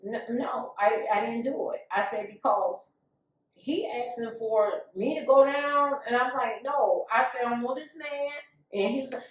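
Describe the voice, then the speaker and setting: A woman tells her own story with raw feeling and slips into the voices of the people in it. Her voice sits a little high. She sounds set back from the microphone in a strongly echoing room. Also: fairly even intonation, normal speed, distant mic. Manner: emotional storytelling, acts out quoted voices. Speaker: guest. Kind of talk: candid personal testimony.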